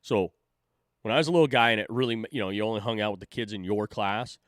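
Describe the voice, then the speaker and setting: A man's voice: on the low side, quick pace, no echo, studio quality. A man hosting a stream, talking in a casual, rambling and profane way, often mocking himself and laughing. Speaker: streamer host. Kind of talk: casual chat.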